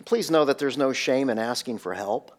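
A man's voice: mid-range voice, lively intonation, normal speed. A male pastor preaching a sermon, emphatic and full of rhetorical questions.

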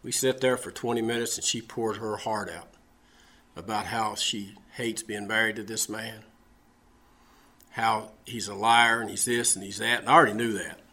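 A man's voice: lowish voice, fairly even intonation, moderate pace, pushed and bright. Folksy preacher man telling a story. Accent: Southern American. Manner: folksy storytelling, repeats words, laughs at own jokes. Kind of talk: sermon with personal story.

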